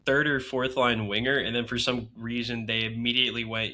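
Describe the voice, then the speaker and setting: A man's voice: medium pitch, flat delivery, a little fast, pushed and bright. A man co-hosting a casual hockey podcast, joking and sarcastic in easygoing banter. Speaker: podcast co-host.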